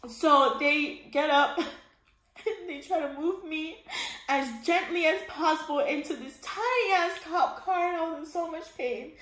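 A woman's voice: high-pitched, fairly bright tone. A young woman telling a painful personal story as a vlogger, tearful and breaking into crying laughs, swearing casually. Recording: echoey room.

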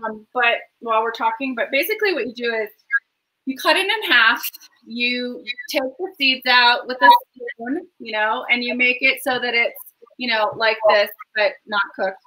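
A woman's voice: fairly high pitch, moderate pace, pushed and bright, poor audio. A woman hosting a home cooking show from her kitchen, chatting in a rambling, enthusiastic way about the food as she cooks. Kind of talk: casual cooking chat.

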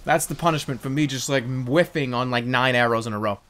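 A man giving loud, excitable gameplay commentary, yelping and swearing while desperate to pee. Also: medium pitch, brisk. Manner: excitable, yelps and swears, self-mocking. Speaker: gaming YouTuber.

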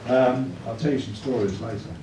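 Brisk and warm, a medium-pitched man delivers an evangelism talk at a church in a conversational way, often ending lines with tag questions for the room. The echoey room, far-off mic and clear background noise shape the recording.

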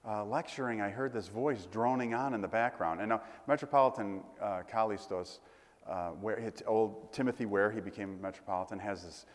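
A man preaching a sermon as pastor, conversational and digressive, with light asides and humor. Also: on the low side. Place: church. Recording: echoey church hall with long reverb.

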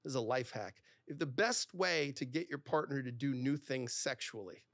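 A middle-aged man, a divorce lawyer and podcast guest, telling stories in a conversational interview. He talks in quick bursts with lots of fillers and acts out bits of dialogue. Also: medium pitch, fairly bright tone, no room sound, studio quality.

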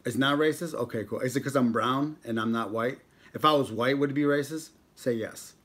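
A man's voice: mid-range voice, fairly quick, fairly bright tone. A young man casually chatting with viewers on a live stream, joking around and reading out viewer names as he goes. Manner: joking, banters with chat, reads out viewer names. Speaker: mukbang vlogger on a livestream.

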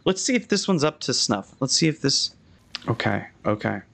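A young adult man giving chatty live commentary as he plays a video game, critiquing its buildings with frequent restarts and sudden high-pitched exclamations. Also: very animated, normal speed, gravelly, fairly bright tone.

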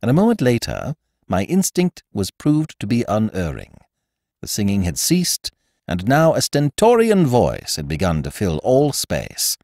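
A man and podcast host reading a classic comic story aloud in first person, with wry, expressive storytelling. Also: on the low side, unhurried, no echo, studio quality. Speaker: audiobook narrator and podcast host. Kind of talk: scripted storybook narration.

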